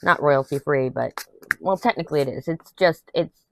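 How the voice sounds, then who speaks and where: A young adult woman vlogger chats candidly to her viewers while crafting, rambling and venting with a few laughs. Her voice sits low and gravelly at a moderate pace, with slight background noise in the recording.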